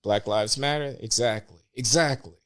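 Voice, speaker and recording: A man speaking as a guest on a podcast, talking deliberately and emphatically, with pauses and uh fillers. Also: mid-range voice, a bit bright. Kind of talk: podcast interview.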